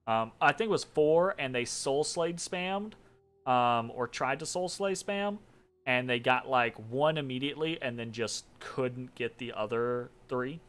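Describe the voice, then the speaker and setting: A man's voice: mid-range voice, a little slow, fairly bright tone. A man casually commenting on his strategy game turn, thinking aloud with many ums and restarts. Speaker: game streamer. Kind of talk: casual let's-play commentary.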